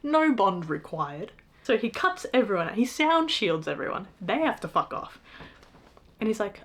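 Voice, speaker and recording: A woman's voice: medium pitch, sing-song, moderate pace, fairly bright tone, slight background noise. A young woman reviewing a book in a casual rant, exasperated and sarcastic, swearing freely.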